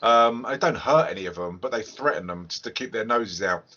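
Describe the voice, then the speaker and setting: A man's voice: fairly low pitch, a little fast, sharp tone. A man hosting a casual film review podcast, talking in a chatty, hesitant way. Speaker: podcast host. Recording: lo-fi podcast audio.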